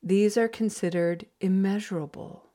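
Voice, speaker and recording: A woman facilitating a recovery group, giving a gentle, reflective guided meditation talk. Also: medium pitch, fairly even intonation, normal speed.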